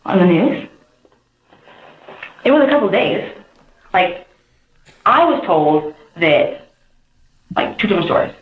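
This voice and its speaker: A woman in a police interview, telling her story in a rambling, animated way. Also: mid-range voice, takes it slowly, long pauses. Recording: muffled roomy interview tape.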